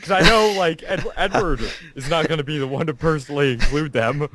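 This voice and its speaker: A young man co-hosting a casual gaming podcast, teasing and animated. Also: on the high side, a little fast, noisy background. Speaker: podcast co-host.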